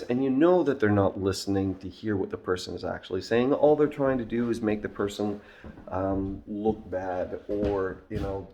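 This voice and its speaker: Middle-aged guy rambling thoughtfully, lots of ums and throat clearing, voice sits a bit low, faint hiss behind. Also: a little mellow. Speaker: vlogger and job-site supervisor. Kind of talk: reflective storytelling monologue.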